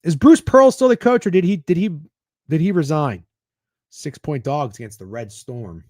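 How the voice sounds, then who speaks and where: A man's voice: a little high, wildly swooping pitch, normal speed, a little mellow, no echo, studio quality. A man hosting a sports betting stream, chatting casually in a rambling, profane, sarcastic way. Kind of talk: casual livestream chat.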